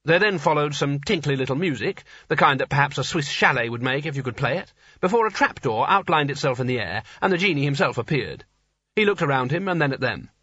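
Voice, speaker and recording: A man reading a story aloud as an audiobook narrator, in a dry, even storytelling manner. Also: on the high side, brisk, breathy edge, dry recording. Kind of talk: scripted narration. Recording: slightly dull lo-fi recording.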